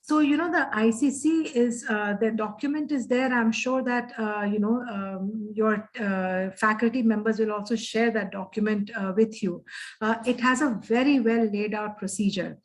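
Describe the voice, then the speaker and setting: A middle-aged woman speaks as a guest in an interactive session, heard over a video call. Her voice sits a little high, and her delivery is earnest and reflective, with frequent fillers and pauses. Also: poor audio.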